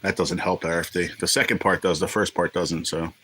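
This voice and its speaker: Man, low-pitched, bright edgy tone, casual rambling livestream chat, swears freely. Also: little pitch movement, a little fast, husky, poor audio. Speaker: livestream host.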